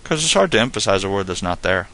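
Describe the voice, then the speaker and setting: A man teaching a casual spoken lesson, explaining in a relaxed, rambling way full of "like" and "you know.". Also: fairly low pitch, fast. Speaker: Spanish tutor.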